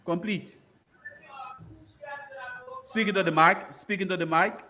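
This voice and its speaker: Liberian quizmaster man, slightly high. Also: steady tone, sharp tone. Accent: Liberian English. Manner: brisk, repeats commands and urges contestants on. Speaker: quiz bowl moderator. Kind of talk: reading quiz questions.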